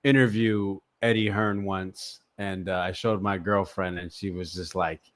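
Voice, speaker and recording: A man guest on a talk stream, telling a short story in a relaxed, amused way. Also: low-pitched, a little slow. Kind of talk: casual talk-show chat.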